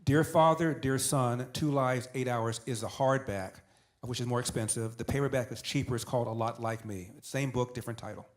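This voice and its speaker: A man's voice: mid-range voice, normal speed. An older man tells a family story as a guest in an interview, slipping into the voices of the people he quotes. He builds his points by repeating phrases and stacking them one after another. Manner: animated storyteller who acts out dialogue and repeats for emphasis. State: tearing up.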